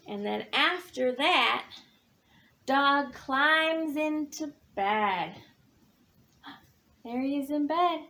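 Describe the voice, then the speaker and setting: A woman reading a picture book aloud for children, counting along and gasping with animated emphasis. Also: high-pitched. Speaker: children's librarian. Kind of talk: children's storytime read-aloud.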